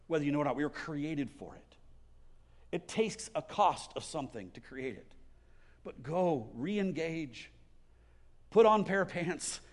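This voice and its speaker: A man's voice: on the high side, animated, a little slow, pauses often. A man preaching a sermon as a pastor, earnest and exhorting, often repeating words as he goes, and leading a closing prayer. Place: church service.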